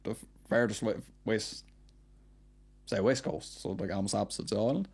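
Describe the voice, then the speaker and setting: A man's voice: lowish voice, vocal fry, breathy edge. A man in his thirties with a broad Newfoundland Southern Shore accent, chatting as a podcast guest in a rambling, storytelling way. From Newfoundland, Canada. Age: 30s. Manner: rambling, storytelling, quick with local turns of phrase. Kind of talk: casual chat.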